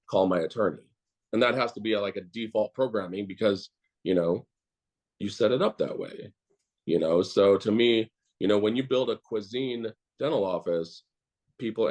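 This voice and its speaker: A man's voice: lowish voice, a little mellow. A man, a dentist, talking bluntly and casually in an interview, rambling with many fillers and swearing.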